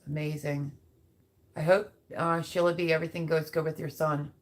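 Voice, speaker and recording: A woman's voice: low voice, little pitch movement, normal speed. A woman chatting loosely on her live stream and talking straight to the people watching. She rambles from one thing to the next in an easy, conversational way while she reads out viewer comments. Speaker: livestream host reading chat. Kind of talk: casual live-stream chat.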